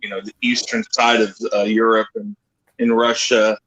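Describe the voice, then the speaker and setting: A man's voice: on the low side, flat delivery, moderate pace, fairly bright tone, slightly rough, highs cut off. A man guesting on a casual livestream chat, explaining his voice work in long, rambling sentences. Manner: rambling, explanatory, many restarts. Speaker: guest voice actor.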